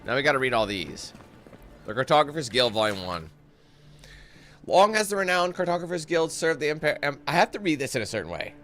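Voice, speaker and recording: A man's voice: on the high side, sing-song, brisk, a bit bright, faint music behind. A young man giving casual, joking gameplay commentary, reading in-game texts aloud and breaking off into parody singing.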